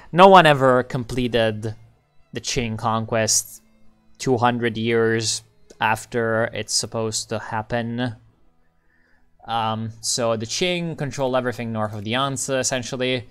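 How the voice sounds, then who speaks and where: A man's voice: mid-range voice, a bit bright, clean tone. A man rambling casually through a game commentary as a channel host, muttering to himself and swearing when things go wrong.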